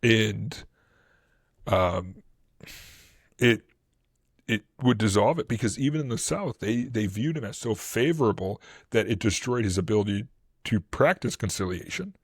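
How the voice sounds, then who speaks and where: This man has a Boston accent and a lowish, somewhat breathy voice, talking a little slowly with frequent pauses. Co-hosting a history podcast, he explains events casually, rambling with lots of fillers and restarts but getting animated when he quotes. The sound is dry and clean, studio-grade.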